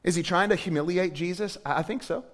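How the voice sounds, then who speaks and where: Male pastor, high-pitched, animated sermon delivery, big reverberant hall. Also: quick pace. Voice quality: animated, conversational preaching with emphatic rises.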